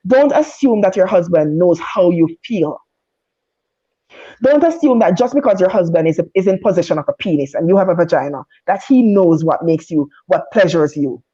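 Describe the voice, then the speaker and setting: A woman with a lowish, mellow voice speaks earnestly and frankly, repeating her points to drive them home. She is heard over a dull, lo-fi video call line. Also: animated, normal speed, husky. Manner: earnest, frank and candid, repeats herself for emphasis. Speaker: married guest on a panel. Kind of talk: heartfelt advice talk.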